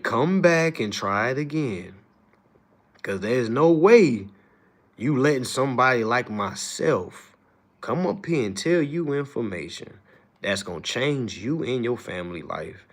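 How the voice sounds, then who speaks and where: This young livestream host casually rants to his audience, using slangy, profane talk that swings from loud outbursts to low asides.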